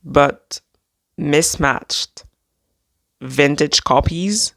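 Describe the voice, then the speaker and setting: Gushing, gravelly-voiced book vlogger. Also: mid-range voice, drawn-out words, no echo, studio quality. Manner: gushing and excitable, rambling with fillers. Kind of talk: casual chatty book haul; reading a poem aloud.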